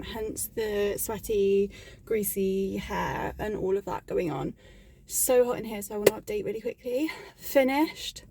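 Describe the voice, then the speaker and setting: A woman's voice: a little high, darkish tone, husky. A woman book vlogger talking in a casual, chatty and rambling way, with frequent "like", into a phone she holds. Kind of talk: casual vlog chat.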